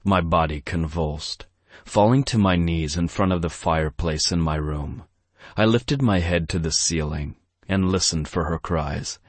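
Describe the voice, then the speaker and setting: A man narrating a first-person romance audiobook in a brooding, steady way on a close studio mic. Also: low-pitched, no room sound.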